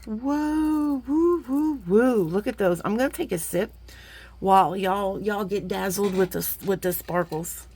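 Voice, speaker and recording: A woman, chatting warmly to viewers as she gushes over beads in a casual unboxing vlog. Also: mid-range voice, moderate pace, vocal fry, slightly rough. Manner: chatty and gushing, talks to viewers as friends; sometimes drops to a playful whisper. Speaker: jewelry-making vlogger.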